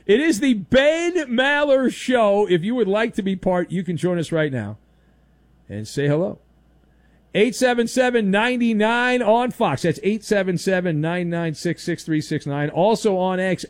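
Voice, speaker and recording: A man's voice: high-pitched, expressive, unhurried, no echo. A man hosting a sports talk radio show, ranting sarcastically and mocking with exaggerated silly voices. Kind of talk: opinionated sports talk monologue.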